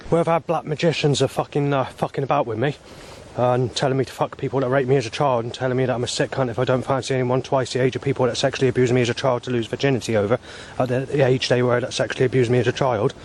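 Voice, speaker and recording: Man, mid pitch, aggrieved and profane vlogger monologue recorded on a phone outdoors with faint background noise. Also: steady tone, fast talker. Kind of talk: rambling monologue on a walk. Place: outdoors by a road on a walk.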